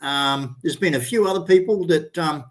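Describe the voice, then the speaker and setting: A man's voice: on the high side, normal speed. An Australian man in his sixties, a guest in a casual chat, talking in a rambling, enthusiastic way and swearing freely.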